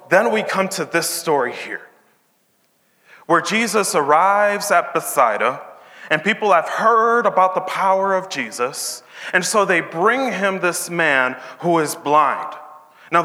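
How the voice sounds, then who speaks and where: A man's voice: on the high side, pushed and bright. A man teaching a Bible passage in a casual, chatty way, retelling the story in modern slang and acting out the characters' lines. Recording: long hall reverb.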